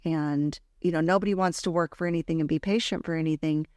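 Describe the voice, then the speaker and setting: Speaking fast in a low voice with fairly even intonation, this podcast host tells a heartfelt personal story on her casual faith show. The tone is darkish, and the studio sound is clean with no echo.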